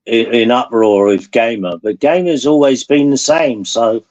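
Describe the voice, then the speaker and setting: A man's voice: medium pitch, a little slow, darkish tone, rough recording. A man who hosts a live stream, chatting casually and telling rambling stories that he laughs through. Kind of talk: casual chat.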